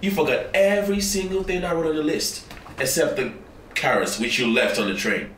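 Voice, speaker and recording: Brief: young male actor, stressed sick student, blunt and fed up; bright edge, distant roomy mic, faint ambience. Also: fairly high pitch, fairly quick, a little hiss or hum, lightly acted. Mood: exasperated. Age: young adult. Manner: exasperated, blunt. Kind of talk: short film acting.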